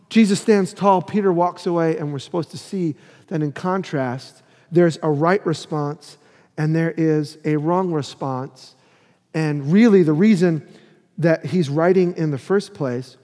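A man preaching a sermon, explaining the text and acting out the quoted lines in a lively way. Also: on the high side. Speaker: pastor. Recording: long reverb of a hall.

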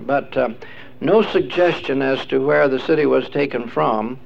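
Gravelly older man lecturing a class. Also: medium pitch, measured pace. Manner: quizzes listeners, rambling, many fillers. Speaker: religious teacher. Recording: dull lo-fi recording with faint hiss.

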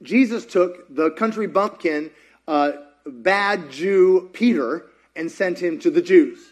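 A man preaching a sermon as pastor, animated and acting out quotes with humor. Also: high voice, takes it slowly. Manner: animated, acts out quotes, jokes with co-speaker.

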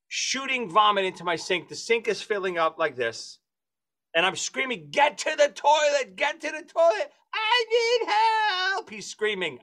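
A man telling a comic story among friends, acting out the voices of the people in it with shrill squeals. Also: bright, forceful tone. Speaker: podcast host telling a story.

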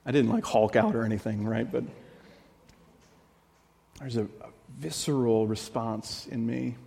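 A male pastor delivers a sermon in an earnest, confessional manner, restating phrases as he presses a point. His voice sits at an ordinary middle pitch. A long reverb trails his words, as in a large church sanctuary. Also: lively intonation, a little slow, gravelly, dark tone.

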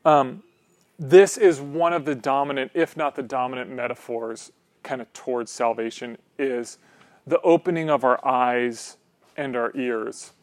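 A man's voice: mid-range voice, fairly even intonation, unhurried, dry recording. A man preaching a sermon in a conversational way, often checking in with "right?".

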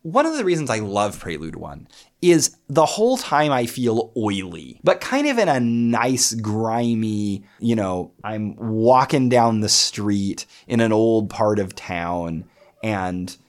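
A man explaining poetic meter with animated enthusiasm, reading lines of verse aloud and breaking them down. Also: lowish voice, takes it slowly. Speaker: poetry lecturer.

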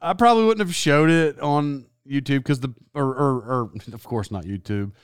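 A man's voice: mid-range voice, moderate pace, clean tone, no room sound, studio quality. A sports announcer telling a long rambling story in a casual, self-deprecating way, laughing as he goes.

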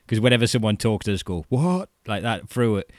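A man's voice: fairly low pitch, steady tone, fast talker, no room sound, studio quality. A man chatting animatedly about wrestling, laughing and swearing as he talks. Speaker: wrestling fan co-host. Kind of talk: casual chat.

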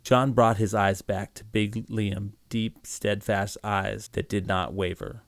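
Man narrator, steady measured storytelling, lowish voice, dry close sound. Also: gravelly, no room sound. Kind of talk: storybook reading.

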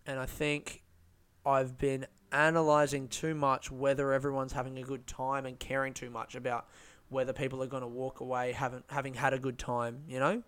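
A man's voice: medium pitch, a bit bright, clean tone. A young man, a comedian, telling a rambling story and ranting with lots of swearing in a casual monologue outdoors. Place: outdoors under a tree.

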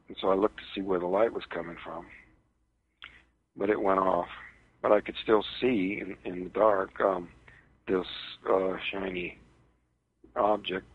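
Deep husky man on a phone line. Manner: halting, hesitant storytelling. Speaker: interview guest. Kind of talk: recounting a personal ordeal. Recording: tinny phone line on radio.

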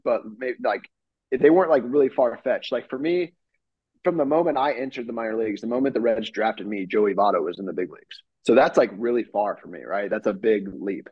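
A young man talks loosely and eagerly, full of "like" and "you know," and jumps into the voices of the people in his story. His pitch sits in a middle range, and the sound is dry and a bit dull, as from a remote call. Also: husky, dry recording. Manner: animated storyteller, acts out quoted exchanges, many fillers. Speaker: professional baseball pitcher, guest. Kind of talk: casual interview storytelling. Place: home studio.

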